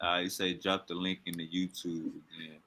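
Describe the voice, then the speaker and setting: A man's voice: low-pitched, flat delivery, fairly quick, background noise. A man hosting a livestream debate, casually directing guests and checking whether they are connected. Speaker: debate host.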